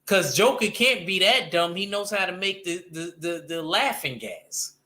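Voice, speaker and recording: Man, slightly high pitch, sharp bright tone, animated casual talker who stumbles and restarts. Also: unhurried. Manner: animated, loose slang, frequent restarts. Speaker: panel guest discussing comics. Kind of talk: casual chat.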